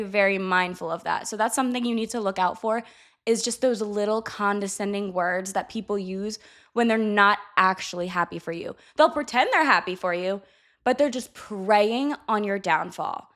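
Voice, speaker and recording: A young woman talking straight to her camera in a casual, candid vlog. Her voice sits a little high, and she is blunt and unfiltered, swearing freely as she talks. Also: fairly bright tone. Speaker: vlogger. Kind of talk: casual advice chat to camera.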